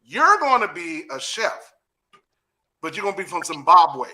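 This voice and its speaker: Animated, bright-voiced D.C. man host. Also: high voice, unhurried. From Washington, D.C. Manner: animated, laughing, coaching and directing others. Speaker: podcast host and acting teacher. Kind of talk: casual podcast chat.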